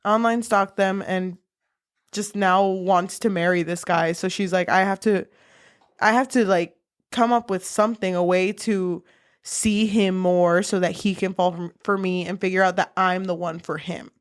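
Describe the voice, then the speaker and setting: A woman's voice: lowish voice, moderate pace, clean tone. Young woman co-host retelling a book plot. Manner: animated retelling, laughs often, swears casually. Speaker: podcast co-host. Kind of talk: casual book discussion.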